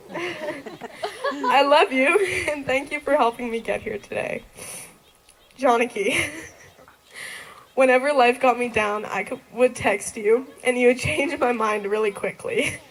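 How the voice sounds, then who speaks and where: Teen girl graduate, higher voice, reading heartfelt thank-yous with frequent nervous giggles. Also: unhurried, poor audio. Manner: giggly, laughing often between sentences. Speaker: graduating student. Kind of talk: graduation thank-you speech.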